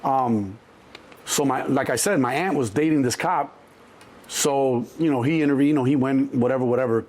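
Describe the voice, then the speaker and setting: A man's voice: mid-range voice, normal speed. A man in his sixties from Chicago, telling stories from his past in a casual interview, acting out the voices of others with many restarts. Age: 60s. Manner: animated storyteller, acts out quoted voices, many restarts. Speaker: interview guest.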